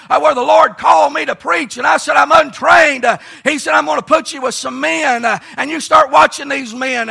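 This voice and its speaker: Man preaching at a camp meeting, high and gravelly, bright and husky, hollering. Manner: hoarse, strained, folksy preaching with many "uh"s. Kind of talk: shouted camp-meeting sermon. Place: large church or camp meeting, live congregation.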